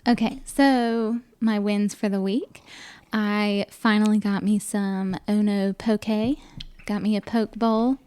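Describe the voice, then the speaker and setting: A woman co-hosting a casual podcast from home, relaxed and chatty with fillers. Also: mid-range voice, slow pace, clean tone, no room sound. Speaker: podcast co-host. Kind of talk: casual chat.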